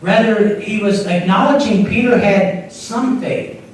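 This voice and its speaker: A man's voice: high voice, a little slow, a little hiss or hum. A man, an associate pastor, preaching a sermon in a conversational way, with small repeats and restarts. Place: church sanctuary. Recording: echoey room picked up from far off.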